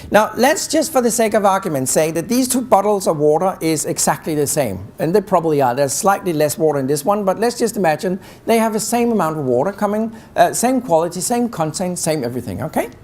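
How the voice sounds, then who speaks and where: A man's voice: high voice, lively intonation, fairly quick, few pauses, darkish tone. A man giving a live talk on negotiation, teasing the audience with rhetorical questions. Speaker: keynote speaker on negotiation.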